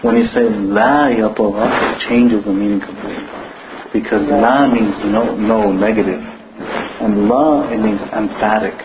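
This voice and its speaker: A man teaching pronunciation in a classroom, patient and encouraging, repeating sounds slowly for his students. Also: fairly low pitch, steady tone, lo-fi sound, noisy background. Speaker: Quran recitation teacher.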